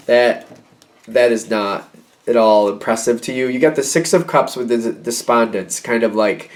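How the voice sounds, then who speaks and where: A man giving a casual tarot reading, animated and repeating phrases as he acts out quoted reactions. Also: medium pitch, moderate pace. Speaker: tarot reader.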